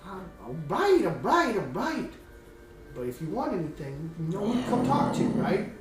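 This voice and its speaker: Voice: mid-range voice, huge pitch swings, normal speed, music in the background. A game master voicing a sleazy, pushy male rogue who flirts and leers. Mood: coaxing. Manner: leering, overfamiliar. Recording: roomy, distant mic, faint hum.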